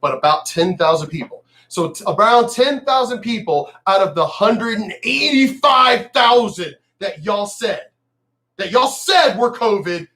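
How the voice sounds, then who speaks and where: A man's voice: sits high, expressive, unhurried, sharp tone. A man from El Paso, Texas, ranting angrily about the news in a profane, mocking, emphatic vlog. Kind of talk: profane political rant.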